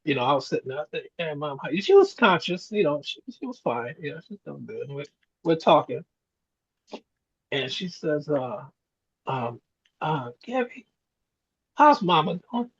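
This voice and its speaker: Husky older man telling stories. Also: on the high side, expressive, normal speed, long pauses. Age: 60s. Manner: storytelling, reflective, chuckles often. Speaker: co-host. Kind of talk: casual chat. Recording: dull lo-fi sound.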